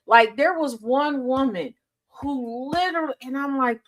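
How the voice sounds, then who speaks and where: A woman hosts a casual talk show. She speaks in a slightly high voice, chatty and candid, and laughs often between her points. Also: unhurried. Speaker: host. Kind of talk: casual chat.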